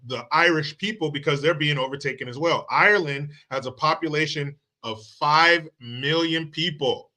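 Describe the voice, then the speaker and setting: A man's voice: on the high side, pushed and bright. A man hosting a commentary show, ranting in a heated, sarcastic and profane way. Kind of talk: profane political rant.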